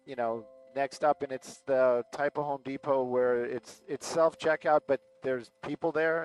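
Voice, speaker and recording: A man talks loosely into an aviation headset from a helicopter cockpit, chatting his way through a story with plenty of fillers and quoted back-and-forth. His voice sits at an ordinary middle pitch, and faint music plays underneath. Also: poor audio. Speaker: aerial news pilot and livestream host. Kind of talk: casual rambling storytelling.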